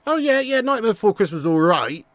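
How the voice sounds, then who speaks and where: A man's voice: sits high, sing-song, fast talker, no echo. A young man hosting a live football watch-along, blunt and sweary, laughing and reading viewer messages. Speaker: host.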